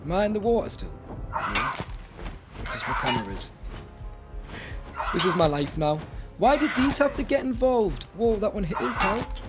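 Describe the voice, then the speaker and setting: A young man narrates his own live gameplay, thinking aloud and getting worked up as he goes. His voice sits a little high for a man. Game music plays clearly underneath his commentary. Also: moderate pace, long pauses. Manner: excitable, talks to himself while playing. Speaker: streamer.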